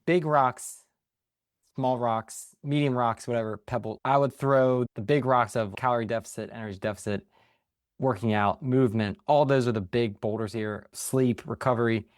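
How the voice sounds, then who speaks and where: A man's voice: medium pitch, steady tone, normal speed, no room sound, studio quality. Hesitant, laid-back male co-host. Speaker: podcast co-host. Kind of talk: casual podcast chat.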